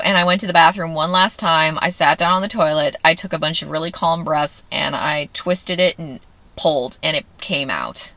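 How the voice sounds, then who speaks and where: A woman's voice: deep voice, a little fast, sharp tone, dry recording. A woman telling a candid personal story in a wry way, acting out what others said. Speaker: vlogger.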